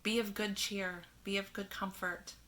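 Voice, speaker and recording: A woman giving a spiritual tarot reading in a gentle manner, reading card verses aloud and laughing softly now and then. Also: mid-range voice, level tone, measured pace. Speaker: tarot reader.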